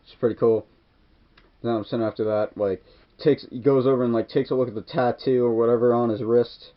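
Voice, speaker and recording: Fairly quick and steady in tone, this medium-pitched man recaps a film's scenes in a casual, rambling way. The movie reviewer uses "like" and "kinda" nonstop, and the recording is dull lo-fi.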